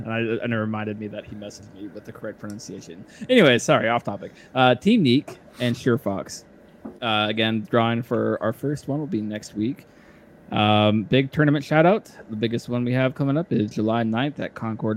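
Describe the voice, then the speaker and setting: A man's voice: on the low side, a little fast, a little hiss or hum. A man hosting a casual podcast, talking in a loose, chatty way with frequent laughs, fillers and restarts. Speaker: podcast host.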